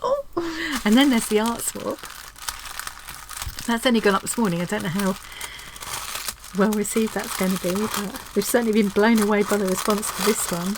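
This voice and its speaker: A woman crafter talks excitedly as she unwraps a parcel at home, tripping over her words and restarting her sentences. Her voice sits at a middling pitch, and faint paper crinkling can be heard behind her. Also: normal speed, long pauses, background noise. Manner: gushing and excitable, with frequent restarts. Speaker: craft vlogger hosting a stitchery swap. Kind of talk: casual unboxing chat.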